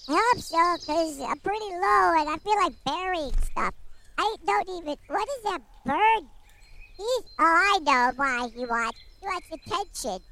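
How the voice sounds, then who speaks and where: A cheeky male squirrel, voiced by a woman, chatters through an interview in a high, squeaky voice that leaps all over the place. He rambles and gets excited. The tone is bright and sharp, with faint outdoor noise behind. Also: exaggerated voice.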